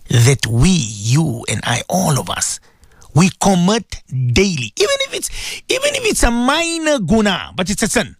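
A man delivers a radio sermon in a high voice that rises and falls in a lively, sing-song way. He talks emphatically, repeats his phrases and keeps checking in with his listeners. The sound is close and dry, with no room around it. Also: measured pace, breathy edge, no echo. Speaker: Islamic preacher on radio.

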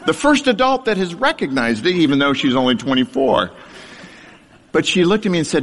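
A man's voice: on the high side, very animated, normal speed, long reverb tail. Man telling his story with dry humor. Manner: wry self-deprecating humor. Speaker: speaker sharing his testimony. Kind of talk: humorous personal storytelling sermon.

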